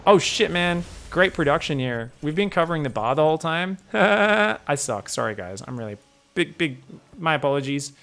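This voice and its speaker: Slightly high-voiced, rambling, profane male caster. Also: lively intonation, moderate pace, a bit bright. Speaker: game streamer and caster. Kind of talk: casual game commentary.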